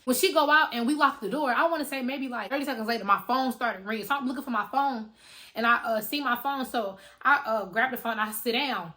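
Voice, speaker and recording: A woman telling a story to her viewers in a casual, animated way, full of slang and swearing. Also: a little high, brisk. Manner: animated, slangy and profane, addressing viewers directly. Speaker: storytime vlogger.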